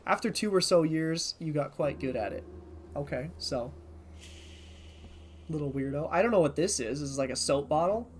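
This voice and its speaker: A streamer playing a game for the first time, reading the on-screen text aloud and thinking out loud, sometimes tripping over unfamiliar words. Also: mid-range voice, animated, normal speed, pauses often, a little hiss or hum. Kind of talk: casual let's-play commentary.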